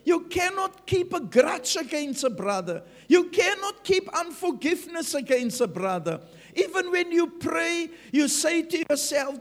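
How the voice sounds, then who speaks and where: A man preaches in a strikingly high voice that rises and falls with animated swings. He speaks slowly and emphatically, stopping often for an "Amen". The sound rings with the long reverb of a large church hall. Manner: emphatic, frequent "Amen" punctuating points. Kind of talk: sermon.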